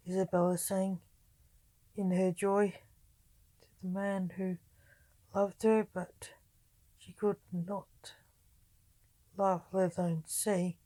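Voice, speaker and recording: Slow, mellow woman reading a story. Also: fairly low pitch, flat delivery, no room sound, rough recording. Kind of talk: scripted story narration.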